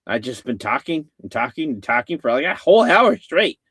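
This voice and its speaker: A man's voice: medium pitch, sing-song, brisk, fairly bright tone, slightly rough, dry recording, clean studio sound. A man hosting a casual live-stream chat, rambling with many fillers and restarts. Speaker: host.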